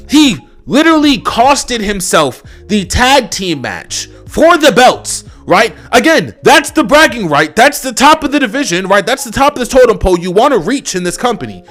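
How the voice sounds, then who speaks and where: Exasperated and swearing, a young man reviewing wrestling rants without a script, filling his speech with fillers. His voice sits high with a bit of brightness.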